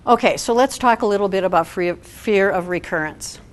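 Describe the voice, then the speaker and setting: A woman social worker giving a talk to a support group, animated and acting out quotes with laughs. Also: medium pitch, brisk.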